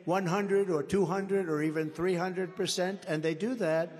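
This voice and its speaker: A man giving a campaign rally speech in a large indoor venue. He rambles and repeats himself for emphasis, swinging from shouted lines to low asides. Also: fairly even intonation, normal speed. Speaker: political candidate. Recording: reverberant hall, faint background noise.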